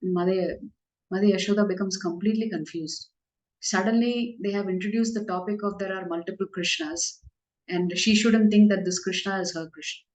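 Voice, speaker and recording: A woman telling devotional stories in a lively, animated way as the speaker of a spiritual class. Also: mid-range voice, a little fast, low-quality recording. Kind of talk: devotional storytelling.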